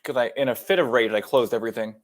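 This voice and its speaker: A man's voice: medium pitch, rapid-fire. A man co-hosting a horror film podcast, trading dry, teasing banter in casual chat. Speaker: podcast co-host.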